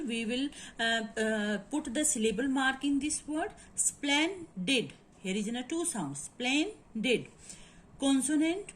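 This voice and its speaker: A woman teaching word stress in a halting lecture, with many fillers and quick Hindi asides. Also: sits high, a little hiss or hum, rough recording. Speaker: English literature teacher.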